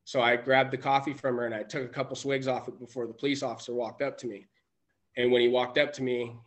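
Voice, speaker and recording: A podcast guest tells a personal story casually in a medium-pitched, slightly bright voice. He rambles, restarting and correcting himself many times.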